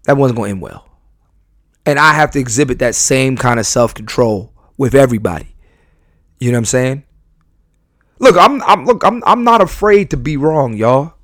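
A podcast host from New York talks candidly and ramblingly, confessional in tone and full of slang and restarts. His voice is on the high side, expressive and a bit bright, at a moderate pace, with clean, echo-free studio sound.

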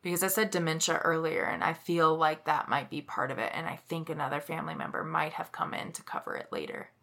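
Bright-voiced woman co-hosting a chat podcast. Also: deep voice, quick pace, creaky. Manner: chatty storyteller, laughs easily. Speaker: podcast co-host. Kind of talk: casual chat.

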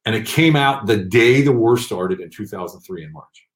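A middle-aged man with a low voice tells his story in a loose, animated way, slipping into other people's voices. He is recorded at home, and the room gives his voice a noticeable echo. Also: normal speed. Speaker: guest telling his story. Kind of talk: casual storytelling. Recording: echoey room.

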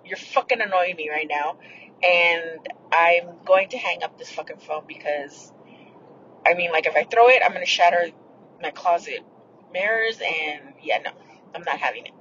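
A woman's voice: lowish voice, moderate pace, fairly bright tone, highs cut off, a little hiss or hum. A woman hosting a podcast, telling a personal story in a blunt, profane, rambling way. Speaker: podcast host. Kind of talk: casual storytelling.

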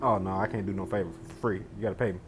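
A man from Detroit, giving joking, animated commentary while playing a video game. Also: sits low, rapid-fire, husky. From Detroit, USA. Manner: animated, joking, loud banter at the screen. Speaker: gaming video host. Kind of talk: gameplay commentary.

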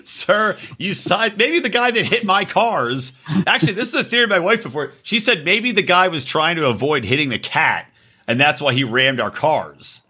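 A man hosting a podcast, telling a story in casual chat, animated and laughing often. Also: normal speed, husky. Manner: animated, laughing, jumps into high exclaims. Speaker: podcast host.

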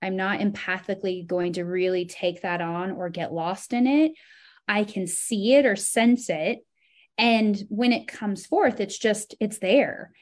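A woman guest in a casual interview, talking reflectively and turning animated when she tells a story. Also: medium pitch, a little slow. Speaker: podcast guest.

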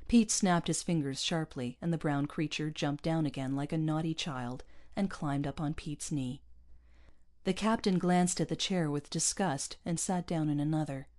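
A woman narrating an audiobook in an even, measured storytelling way. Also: low voice.

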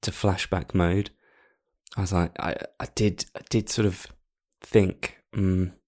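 A man's voice: sits low, steady tone, takes it slowly, darkish tone. A man co-hosting a podcast, talking casually and hesitantly with lots of fillers. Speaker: podcast co-host. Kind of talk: casual chat.

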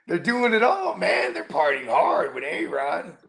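A man co-hosting a sports podcast, his voice gravelly and sitting a little high. He talks in loose, animated bursts, cracking jokes and swearing often. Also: measured pace. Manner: animated, joking, swears a lot. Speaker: podcast co-host. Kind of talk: casual chat.

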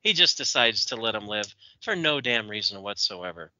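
A man's voice: fairly low pitch, sing-song, moderate pace, bright, forceful tone, no echo, lo-fi sound. A man co-hosting a podcast in casual chat, opinionated and ranting. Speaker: podcast co-host.

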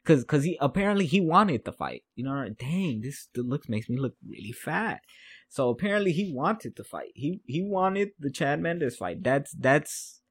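A man's voice: fairly high pitch, sing-song, moderate pace, husky, no room sound. A man hosting a podcast, recapping a fight in casual chat, rambling, repeating himself and laughing at his notes. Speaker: podcast host.

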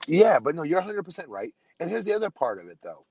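A man's voice: a little high, sing-song, fast, gravelly, darkish tone, slightly rough, low-quality recording. A middle-aged man co-hosting a casual podcast chat, telling stories about himself with a self-deprecating manner and frequent restarts. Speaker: podcast co-host, former wrestler.

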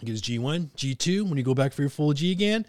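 A man's voice: a little high, fast, no room sound, studio quality. A man from Canada hosting a podcast, telling a story in casual chat with lots of swearing. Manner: profane, animated storyteller. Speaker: podcast host.

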